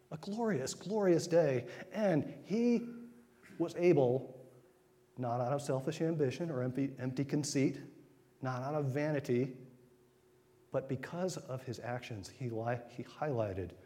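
A man's voice: medium pitch, dark tone. Man preaching in a reverberant hall. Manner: conversational, retells scripture with quick acted asides. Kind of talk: informal sermon.

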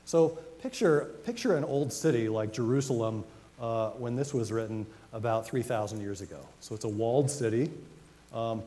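A man preaching a sermon as pastor, talking conversationally and reading scripture slowly with emphasis. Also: mid-range voice, warm tone. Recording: long reverb of a hall, faint noise.

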